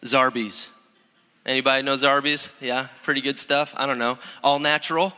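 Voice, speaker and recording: A young student pastor preaches a casual, self-deprecating sermon in a church sanctuary while congested from allergies, his nose stopped up. His medium-pitched voice is steady, sharp and smooth at normal speed, chatty with lots of restarts, under long hall reverb.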